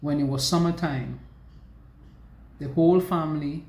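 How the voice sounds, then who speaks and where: A woman recounts her own story in a halting way, stopping to restart her sentences and slowing down when it gets heavy. Her voice rings around an echoey room, with a faint hum behind it. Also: deep voice, steady tone, mellow. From US Virgin Islands. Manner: halting, with restarts and slow emotional stretches. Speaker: survivor sharing her story. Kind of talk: personal testimony.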